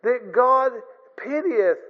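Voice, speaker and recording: Preacher guy, folksy and earnest, kinda high voice, echoey church hall. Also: animated, slow pace. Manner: earnest, folksy, rising emphasis. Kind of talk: sermon. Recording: long reverb, dull lo-fi sound.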